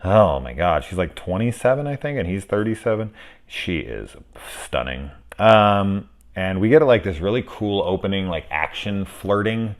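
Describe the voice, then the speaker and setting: A man casually talking through a spoiler film review, rambling and profane, with animated asides. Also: sits low, normal speed.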